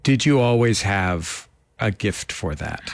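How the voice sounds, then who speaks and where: A man's voice: on the low side, lively intonation, takes it slowly, dry recording, clean studio sound. A man hosting an interview, chatting casually and joking playfully with his guest. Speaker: interview host.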